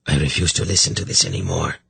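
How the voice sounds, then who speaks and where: A man voicing a fearful, indignant male priest in an audiobook, with a gravelly, husky voice. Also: very deep voice, big pitch swings, quick pace, bright, forceful tone, dry recording, voice pushed down, full character voice. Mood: refusing. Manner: indignant, refusing.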